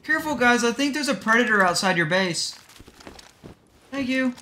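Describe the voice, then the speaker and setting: A young man streaming a survival game, excitable and trolling, jumping between yelling and muttering. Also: very high-pitched, normal speed, slight background noise. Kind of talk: livestream gaming chatter.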